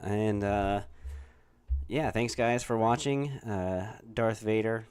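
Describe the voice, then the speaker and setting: A man's voice: on the low side, steady tone, slow pace, a little mellow, clean tone. A man hosting a casual livestream chat, easygoing and rambling. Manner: easygoing, rambling with many fillers and restarts. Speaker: host.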